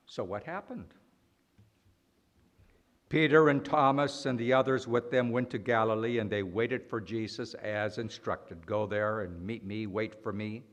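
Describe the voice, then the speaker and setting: A man preaching a sermon, slow and deliberate, swinging between loud emphatic lines and quiet ones. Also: fairly low pitch, fairly even intonation.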